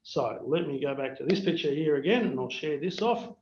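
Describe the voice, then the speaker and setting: A man's voice: fairly high pitch, fairly quick, a little hiss or hum. Australian man telling business stories. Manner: anecdotal, animated storyteller acting out dialogue. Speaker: business owner presenting to peers. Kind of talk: storytelling keynote on a video call. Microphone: video call. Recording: roomy, dull video-call audio.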